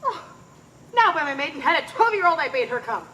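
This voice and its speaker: A woman's voice: high-pitched, big pitch swings, brisk, sharp tone, slight background noise, full character voice, poor audio. A woman playing a garrulous, doting old nurse who rambles and keeps laughing through her words, in outdoor Shakespeare stage acting. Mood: rambling merry.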